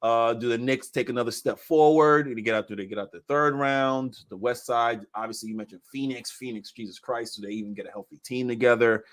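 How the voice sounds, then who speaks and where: A man on a podcast in casual chat about basketball, animated and repeating phrases for emphasis. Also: medium pitch, brisk, hardly any pauses.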